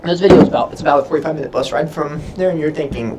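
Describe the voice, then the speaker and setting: A young Navy sailor answers viewer questions on a livestream, rambling with lots of fillers and losing his train of thought. His voice is on the high side with lively intonation, and he speaks very fast with few pauses over background noise.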